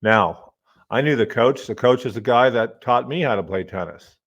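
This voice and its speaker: A middle-aged college professor hosts his own podcast, telling casual stories in a lively monologue, swearing occasionally and muttering to himself as he fiddles with his desk microphone. His voice is medium-pitched at normal speed, and the recording sounds muffled.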